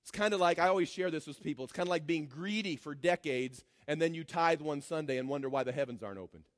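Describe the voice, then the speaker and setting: A man preaching a sermon as pastor, swinging from shouted declarations to low, mocking asides. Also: quick pace, no echo. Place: church.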